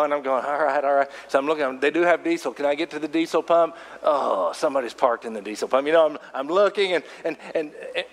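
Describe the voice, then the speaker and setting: A man preaching a sermon, telling a story from his own travels with lively asides to the congregation. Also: on the high side, in a large hall. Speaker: pastor.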